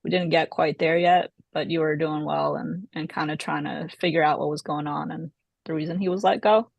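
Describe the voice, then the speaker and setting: A person reads out scores on a practice sales call, pausing and hedging with many fillers. The voice is flat and gravelly, recorded close and dry. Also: medium pitch, no room sound, dull audio. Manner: hesitant, many fillers and likes. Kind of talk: giving scored feedback.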